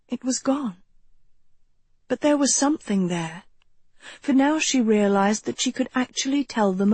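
A woman narrating a story in a measured, expressive reading. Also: mid-range voice, slightly rough, no room sound. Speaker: audiobook narrator. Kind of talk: scripted narration.

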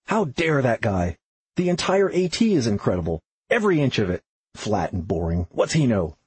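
A man's voice: mid-range voice, big pitch swings, moderate pace, a little mellow, husky. A man doing a huffy young woman. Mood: indignant. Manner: huffy, defensive. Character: indignant young woman hiker.

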